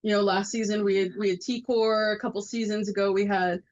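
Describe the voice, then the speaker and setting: A woman's voice: medium pitch, steady tone, a little fast, a little mellow, dull audio. A young woman co-hosting a college radio show, chatting in an upbeat, playful way from the studio. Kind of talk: casual radio chat.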